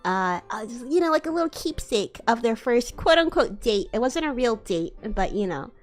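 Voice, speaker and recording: A woman's voice: on the high side, very animated, normal speed, soft background music. A woman streamer chatting casually, rambling and giggly, with many restarts. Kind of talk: casual chat.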